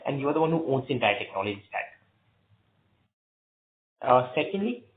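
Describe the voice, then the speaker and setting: Indian businessman on an echoey phone line. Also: mid-range voice. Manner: structured, explanatory, uses "you know". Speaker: company executive. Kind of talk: earnings call answer.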